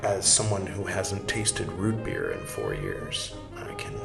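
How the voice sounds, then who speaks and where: A man's voice: low-pitched, wildly swooping pitch, slow pace, gravelly. A man hosting a podcast, reading a text aloud with wry, irreverent asides and some swearing. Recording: roomy echo, faint music.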